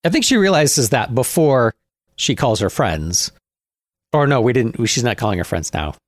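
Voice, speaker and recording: A man co-hosting a casual comedy podcast, wry and quick with story ideas, often restarting his sentences. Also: medium pitch, very animated, no echo, studio quality. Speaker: podcast co-host.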